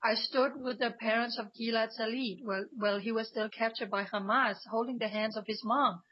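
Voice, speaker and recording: A woman from Denmark speaks in a fairly high voice, earnest and emphatic, often restarting her sentences. The audio is dull and lo-fi, like a radio call-in line. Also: fairly even intonation, normal speed. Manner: passionate, emphatic, many restarts. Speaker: guest, pro-Israel activist.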